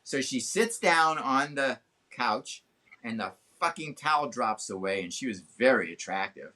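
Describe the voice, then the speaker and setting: A man in his seventies, a guest telling a long, animated story in an interview, swearing freely. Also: measured pace. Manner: animated, swearing, acts out quotes with big pitch jumps. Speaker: guest actor. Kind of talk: anecdotal storytelling in a podcast interview.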